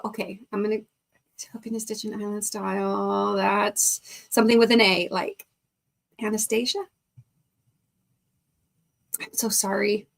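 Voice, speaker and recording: A woman's voice: medium pitch, little pitch movement, measured pace, creaky, pauses often. A middle-aged woman hosting a live stream, chatting casually, reading viewer comments aloud and laughing often. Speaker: livestream host.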